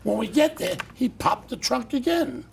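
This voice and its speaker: A middle-aged man hosts a talk show, ranting bluntly and loudly as he tells his stories. His voice sits high for a man and is deeply gravelly, with a rough, creaky edge. A faint hiss of noise runs underneath. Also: normal speed. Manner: blunt, loud, animated storyteller. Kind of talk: casual ranting monologue.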